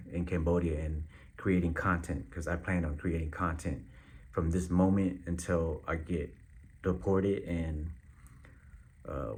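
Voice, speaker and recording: A man vlogging directly to his viewers in a casual update, talking in a laid-back, slangy way and halting often on fillers. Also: low-pitched.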